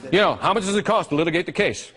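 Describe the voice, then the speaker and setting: A man giving a live marketing seminar, animated and teasing, drawing call-and-response from his audience. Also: high-pitched, very fast, a crowd in the background.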